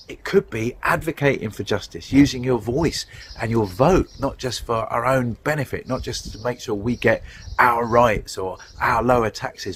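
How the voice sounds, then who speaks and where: A middle-aged man delivers a sermon outdoors on a windy day. He talks in a conversational, animated storytelling manner at a mid pitch, with a faint hiss of wind and open ambience behind him. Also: low-quality recording. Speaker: guest preacher.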